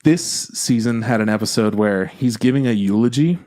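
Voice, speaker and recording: A man's voice: medium pitch, moderate pace, mellow. A man co-hosting a podcast, chatting casually and rambling, with frequent swearing. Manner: loose, rambling, swears freely. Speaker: podcast co-host. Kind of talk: casual chat.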